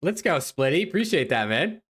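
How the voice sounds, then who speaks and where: A young man hosting a live podcast stream, bantering casually, incredulous and animated, swearing freely. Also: fairly high pitch, normal speed, breathy edge. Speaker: podcast host.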